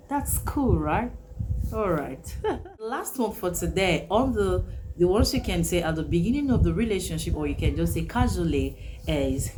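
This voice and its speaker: A woman teaching an English vocabulary lesson, repeating each phrase slowly and with emphasis. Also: lowish voice, lively intonation, noisy background.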